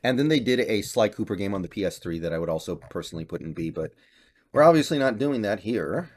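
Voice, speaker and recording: Young male gaming host, lower register, relaxed off-the-cuff chat. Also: quick pace. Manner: chatty, offhand, thinking aloud. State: slight cough and voice crack. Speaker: gaming YouTuber. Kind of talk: casual tier-list commentary.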